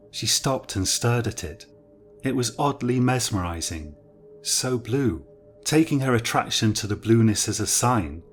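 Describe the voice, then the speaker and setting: Male horror storyteller, measured and low, soft music under. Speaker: narrator. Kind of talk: scripted horror narration.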